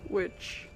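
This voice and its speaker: A woman streaming a video game, chatting casually, excitable and cursing when things go wrong. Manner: excitable, swears when frustrated. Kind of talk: casual live-stream commentary. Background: game music.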